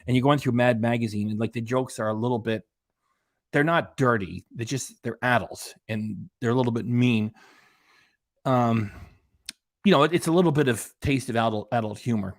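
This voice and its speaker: A man's voice: medium pitch, normal speed, pauses often, no room sound, studio quality. A man hosting a reaction channel, giving sarcastic, rambling casual commentary.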